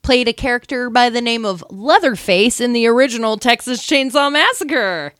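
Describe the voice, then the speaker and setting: A woman's voice: fairly high pitch, normal speed, fairly bright tone, no echo, studio quality. A woman co-hosting a podcast, casually recapping a movie with wry, sarcastic banter. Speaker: podcast co-host.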